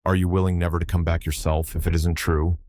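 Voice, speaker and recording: A desperate, grief-stricken mother begs for the truth about her son's death, read by a man in his own deep voice. Her pleading questions come low and close, with no room sound around them. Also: level tone, fast, a little mellow, no echo, natural voice. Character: grieving mother of a dead soldier.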